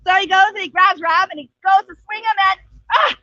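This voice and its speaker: A woman with a very high, bright voice narrates a folk tale with animated, playful energy. Her voice sounds dry and dull, like lo-fi stream audio. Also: fast, dry recording. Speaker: storyteller at court. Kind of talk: oral folk tale telling.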